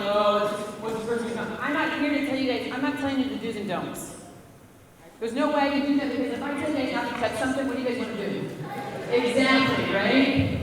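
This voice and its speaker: A high-voiced woman talks straight to a room of students and keeps asking them questions. She is picked up from a distance. The big hall leaves a long, ringing echo on her voice. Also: slight background noise. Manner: casual, direct, audience questions. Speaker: school presenter. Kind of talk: motivational talk to students. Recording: echoey hall from far off.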